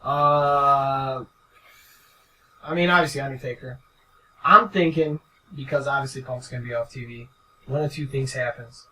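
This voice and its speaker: A man's voice: medium pitch, moderate pace, long pauses. A young man co-hosting a casual podcast, rambling and swearing as he talks things through. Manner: rambling, profane, animated. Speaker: podcast co-host. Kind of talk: casual chat. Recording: distant mic with faint background noise.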